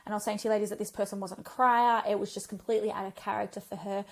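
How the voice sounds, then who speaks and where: A woman, a physiotherapist guest on a podcast, telling stories in a chatty, animated way with lots of fillers. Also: mid-range voice, rapid-fire. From Australia. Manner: chatty storyteller, animated retellings, frequent um and like. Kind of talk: conversational podcast interview.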